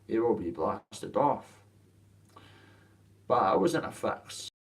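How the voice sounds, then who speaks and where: A man's voice: on the low side, sing-song, slow pace, gravelly, far from the mic. Swearing Dundee man, off the mic. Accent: Dundee Scottish. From Dundee, Scotland. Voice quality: coarse, heavy swearing, rambling. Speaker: boxer telling his story. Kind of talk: casual rant to camera.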